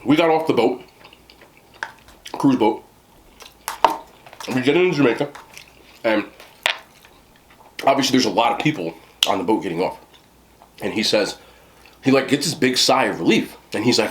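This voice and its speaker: A man's voice: mid-range voice, sing-song, moderate pace, long pauses, slight background noise. An American man in casual storytelling to the camera, talking in a rambling way with many fillers and restarts. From United States. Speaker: food vlogger.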